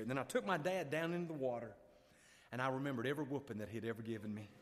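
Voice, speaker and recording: A man's voice: medium pitch, racing. Male evangelist, emotional storyteller, big dynamic swings, reverberant church. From Alabama. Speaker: revival preacher. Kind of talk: revival sermon storytelling. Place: church sanctuary.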